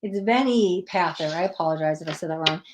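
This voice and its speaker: A woman's voice: on the low side, quick pace, noisy background. Chatty woman hosting a tarot livestream. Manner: chatty, greets and thanks viewers by name; self-deprecating, stumbles over names. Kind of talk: casual livestream chat.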